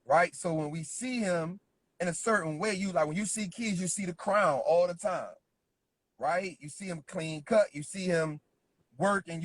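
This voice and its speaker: A man delivers a motivational business lesson in a slightly husky, somewhat high voice. He hammers each point through repetition and keeps asking the listener "right?" The effect is insistent and coaching. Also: dry recording. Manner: emphatic, repeats points with constant "right?" check-ins. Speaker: business speaker.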